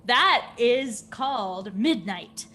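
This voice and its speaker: A woman's voice: on the high side, animated, slow, pushed and bright. Woman game master, descriptive storytelling, tabletop role-play narration.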